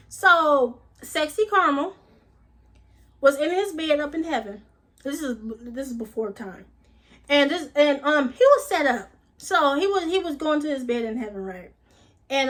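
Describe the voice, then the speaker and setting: A woman's voice: high-pitched, a bit bright. A woman talking straight to her viewers in a casual spiritual monologue, blunt and emphatic, swearing freely and repeating phrases for emphasis. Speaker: vlogger.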